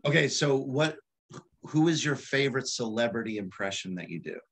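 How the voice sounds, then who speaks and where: A man asking interview questions in an excitable, enthusiastic way. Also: medium pitch, normal speed, slightly rough. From United States. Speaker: magician interviewing the host. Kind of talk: casual interview chat.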